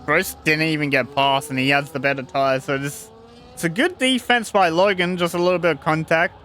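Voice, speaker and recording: A young man commentating an online sim race in a loose, casual way, often restarting his sentences. His voice is bright and clear, with faint noise in the background. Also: fairly high pitch, a little fast. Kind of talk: live esports race commentary.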